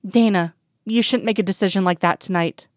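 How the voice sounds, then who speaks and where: A woman voicing a gentle, patient man who talks softly and reassuringly, in a dry, close recording. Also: mid-range voice, a little fast, no echo, close to an everyday voice. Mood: soothing.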